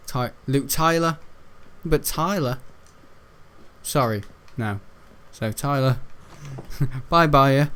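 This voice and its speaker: A British man rambling through casual gaming commentary, chuckling often and jumping up in pitch when he's incredulous. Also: smooth. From United Kingdom. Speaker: gaming YouTuber.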